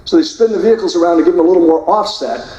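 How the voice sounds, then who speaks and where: An older man giving a forceful speech, narrating combat footage and mimicking the people he quotes. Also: sits high, racing. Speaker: guest speaker. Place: hotel banquet hall. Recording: echoey hall, voice from far off.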